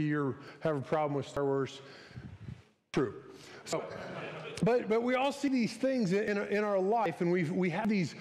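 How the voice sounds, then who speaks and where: Guy pastor chatting through a sermon, kinda high voice, long echoey church reverb. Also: darkish tone. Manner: chatty, conversational, acts out little quoted voices. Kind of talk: casual sermon. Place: church sanctuary.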